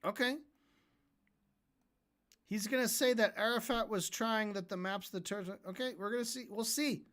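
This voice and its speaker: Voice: medium pitch, normal speed, pauses often, a bit bright. A streamer reacting to a debate, ranting and mocking in a profane voice.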